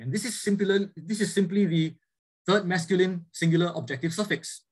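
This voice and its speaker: A man teaches a class in a husky voice that sits a little high. He explains step by step and keeps checking that students follow. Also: moderate pace, a little mellow, low-quality recording. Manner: explanatory, often checks with "right?". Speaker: lecturer. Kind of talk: classroom lecture with student questions.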